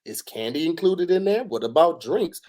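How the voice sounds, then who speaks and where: A man co-hosting a casual podcast, reading a sponsor ad and chatting, hyping with slang and rising shouts. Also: fairly high pitch, sing-song, normal speed. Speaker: podcast co-host. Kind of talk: casual podcast ad read and chat.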